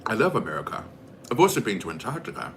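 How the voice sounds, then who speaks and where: A man's voice: fairly low pitch, huge pitch swings, fast talker, creaky, a little hiss or hum. A man with a New Zealand accent chatting casually and rambling with lots of fillers while he cooks for his vlog. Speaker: vlogger. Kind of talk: casual chat while cooking.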